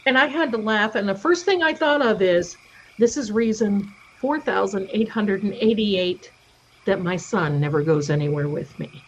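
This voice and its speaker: A woman's voice: medium pitch, moderate pace. A middle-aged woman hosting a livestream, chatting casually and telling stories. She acts out the voices of the people she quotes. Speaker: livestream host. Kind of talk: casual storytelling chat. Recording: dull lo-fi stream audio.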